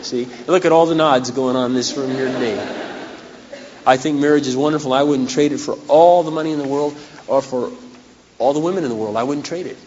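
A man preaching a sermon as pastor, dramatic and humorous, acting out scenes, his voice going hoarse. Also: medium pitch, a little fast, noisy background. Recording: echoey hall on dull lo-fi recording.

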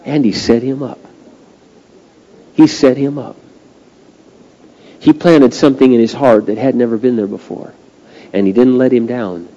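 A male pastor preaching a sermon, swinging from hushed, slow passages to loud, drawn-out climaxes. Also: mid-range voice, steady tone, highs cut off. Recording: long reverb of a large hall.

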